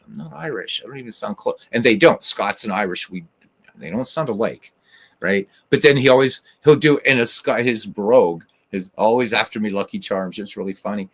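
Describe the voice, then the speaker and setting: A man's voice: fairly low pitch, normal speed. A man hosting a podcast in casual chat, rambling and drifting off on tangents. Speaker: podcast host.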